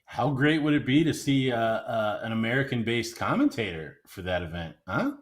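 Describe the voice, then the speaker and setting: A man's voice: medium pitch, sing-song, moderate pace. Good-humored man with an Ohio accent. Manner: laughs easily, good-humored. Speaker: podcast contributor. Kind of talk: casual podcast chat.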